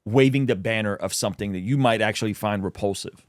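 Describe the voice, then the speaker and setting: A man hosting a casual commentary podcast, animated and excitable, his voice leaping high when he reacts. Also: fast talker, no echo, clean studio sound. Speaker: podcast host.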